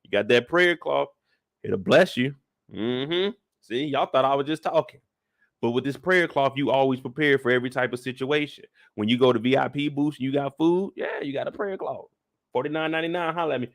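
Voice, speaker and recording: A man hosting a casual live after-show discussion, ranting comedically with heavy slang and swearing, and jumping into loud voices for the people he quotes. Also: medium pitch, brisk, creaky. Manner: animated, comedic rant with lots of slang and swearing. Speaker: show reaction host.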